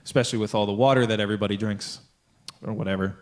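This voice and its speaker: A young man co-hosting a podcast tells a long, rambling story in casual chat, swearing freely and acting out what people said. His voice is fairly low and steady in tone, and he talks very fast.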